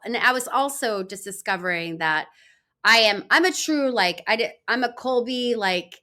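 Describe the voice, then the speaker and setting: Energetic woman rambling on a podcast, bright forceful voice, lots of likes and ums. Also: mid-range voice, normal speed. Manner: energetic, rambling, filler-heavy. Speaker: guest, law firm founder. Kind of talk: conversational interview.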